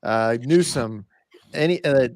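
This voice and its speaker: A man's voice: medium pitch, takes it slowly, darkish tone, no echo. A man co-hosting a podcast, chatting loosely about politics in an offhand way. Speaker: podcast co-host. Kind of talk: casual political commentary.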